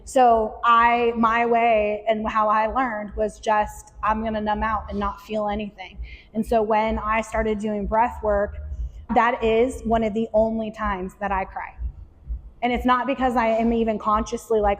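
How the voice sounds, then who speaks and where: A woman with a slightly high voice talks earnestly to a small group, animated and now and then acting out little inner voices. Her voice carries a long reverb from the room around her. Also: measured pace. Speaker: podcast host and breath work facilitator. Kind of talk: candid talk to a live group.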